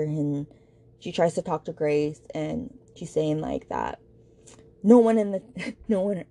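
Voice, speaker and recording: A woman with a low, gravelly, mellow voice hosts a book podcast. She recaps the plot in a chatty, blunt way and retells the scenes through the characters' quoted lines.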